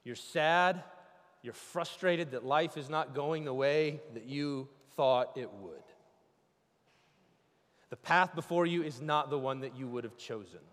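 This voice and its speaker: A man preaching a sermon as pastor, swinging from loud cries to hushed, intimate speech. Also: fairly high pitch, a little slow, long reverb tail.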